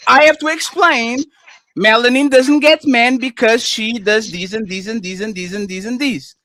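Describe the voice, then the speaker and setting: This co-host, a non-native English speaker, has an extremely high-pitched, bright voice with a forceful tone and a moderate pace. The sound is dry and studio-clean. He's in a heated live panel argument, interrupting repeatedly and using "sir" and "stop being emotional" to break in.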